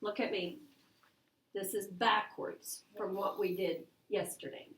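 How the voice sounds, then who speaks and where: A middle-aged woman teaching a math lesson to her class, brisk and coaxing, asking questions as she goes. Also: medium pitch, steady tone, fairly bright tone. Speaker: elementary school teacher.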